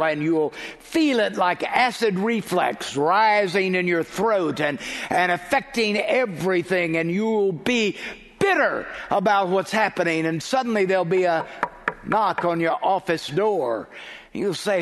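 Slow, dramatic preacher in a reverberant hall. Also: male voice, sits high. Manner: dramatic storytelling, drops to a hush. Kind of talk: sermon. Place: church or chapel.

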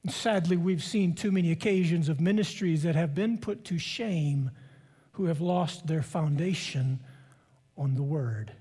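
A middle-aged man preaching a sermon, slowly repeating key phrases for emphasis. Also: a little high, mellow, slightly rough. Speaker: preaching professor. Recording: long reverb of a large hall.

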